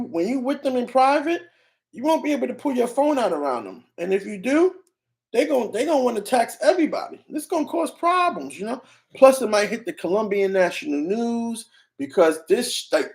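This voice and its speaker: Rambling young man streamer, gravelly. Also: very high-pitched, sing-song, moderate pace. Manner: rambling, restarts sentences, slangy. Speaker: streamer reacting to clips. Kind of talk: casual live commentary.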